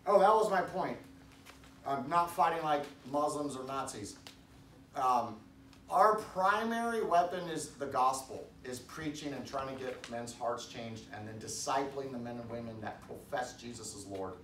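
A man preaching a casual sermon in a church, rambling with restarts and loud emphatic bursts. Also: medium pitch, lively intonation, a little slow. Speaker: pastor. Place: church hall. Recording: echoey room, distant mic, faint background noise.

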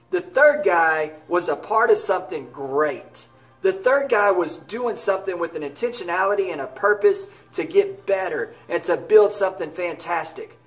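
A man giving an earnest, encouraging motivational talk to camera as a baseball academy director. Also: high voice.

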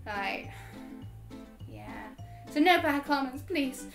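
A woman's voice: sits high, lively intonation, normal speed, music in the background. A woman gaming YouTuber chatting casually through viewer questions, giggling often and filling with ums. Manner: chatty, giggly, frequent laughs and fillers. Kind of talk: casual Q&A vlog chat.

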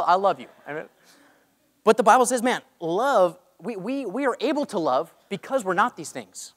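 A young man preaching a sermon in an animated way, joking about his own faults. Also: sits high. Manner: animated, self-mocking asides. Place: large church hall. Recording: long hall reverb.

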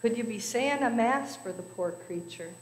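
A man's voice: extremely high pitch, animated, normal speed. Brief: woman voicing an old countryman, sly and earnest, long church reverb. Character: old Irish countryman, simple and shrewd. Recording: echoey church hall.

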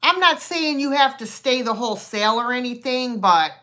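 A woman's voice: on the high side, animated, normal speed. A middle-aged woman hosting a live online sale, chatting casually and rambling as she greets viewers by name. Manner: chatty and rambling, with many fillers and warm greetings.

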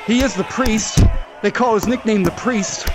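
A man with a fairly high voice curses and rants while throwing punches in a VR boxing game. He is out of breath from the workout and often bursts into shouts. His voice comes through a headset mic. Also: moderate pace, over loud music. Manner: profane, angry ranting with shouted outbursts. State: out of breath from exercise. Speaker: VR fitness vlogger.

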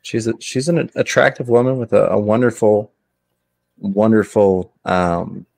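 A man's voice: lowish voice, steady tone, unhurried, gravelly, a little mellow, dry recording. A middle-aged man hosting a casual chat, easygoing and rambling, often restarting his sentences. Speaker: host.

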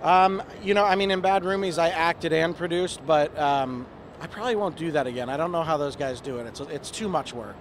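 A man's voice: a little high, brisk, slight background noise. A man being interviewed outdoors at a fan convention, talking in an easygoing, hesitant way with fillers and restarts. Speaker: actor and producer, interview guest. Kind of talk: casual live interview.

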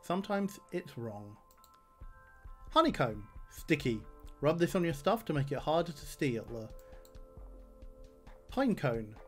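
A man's voice: on the high side, very animated, measured pace, pauses often, faint music behind. A man streaming a game, reading item text aloud with dry jokes and plenty of fillers. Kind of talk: game livestream commentary.

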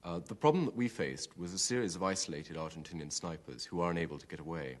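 A man, a former platoon commander, giving a steady, matter-of-fact account of a fight in a documentary interview. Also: deep voice, fast talker. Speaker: army platoon commander recalling a battle.

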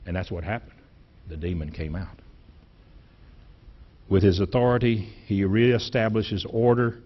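A man's voice: fairly low pitch, moderate pace, long pauses. Emphatic preacher man, lo-fi recording. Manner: emphatic preaching with repeated words and sudden loud rises. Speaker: pastor. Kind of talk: sermon. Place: church sanctuary.

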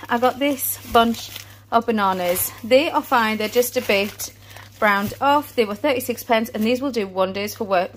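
Out-of-breath British mum, thirties, breezy vlog chat, slightly high voice. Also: female voice, a little hiss or hum. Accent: British English. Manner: chatty, showing off shopping haul. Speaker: family vlogger.

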